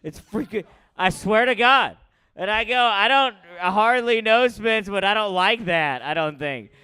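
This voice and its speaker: A young man doing loose stand-up, telling crude, rambling, self-mocking stories that swing from loud to quiet. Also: high voice, unhurried, clear, resonant tone. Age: young adult. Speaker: stand-up comic.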